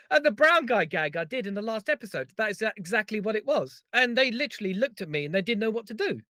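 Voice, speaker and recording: Animated man telling stories, dry sound. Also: high voice, brisk, dry recording. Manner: lively storytelling, teasing. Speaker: podcast co-host. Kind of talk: casual podcast chat.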